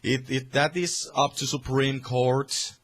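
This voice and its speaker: Man, Finnish accent, vlogger, angry political rant, lots of swearing, rambling restarts, mid-pitched voice. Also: steady tone, slow pace, a bit bright. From Finland. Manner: profane, heated, rambling with restarts. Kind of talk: opinionated political rant to camera.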